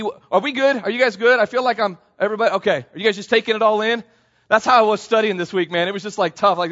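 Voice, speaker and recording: High-voiced animated male pastor preaching. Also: lo-fi sound. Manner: animated, calls out to the congregation. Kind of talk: sermon. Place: church sanctuary.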